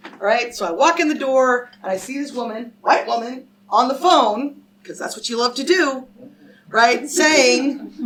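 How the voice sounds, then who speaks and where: A woman's voice: on the high side, measured pace, a bit bright. Emphatic woman giving a lecture, slightly distant. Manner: emphatic and direct, addresses the audience with repeated questions. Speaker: scholar giving a talk. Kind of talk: public lecture, storytelling. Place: lecture hall with a live audience. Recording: speaker a little far from the mic, faint background noise.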